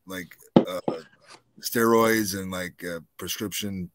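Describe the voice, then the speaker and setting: A man's voice: low voice, fairly even intonation, takes it slowly, very noisy. A man hosting a podcast interview, laid-back and chatty, answering with short affirmations and casual swearing. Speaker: podcast host.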